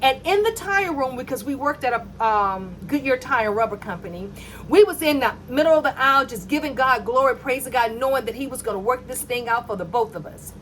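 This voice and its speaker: High-voiced woman telling her testimony. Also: fairly quick, slight background noise. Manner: animated, acts out dialogue in her story. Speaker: mother telling a personal faith story. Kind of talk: personal testimony storytelling.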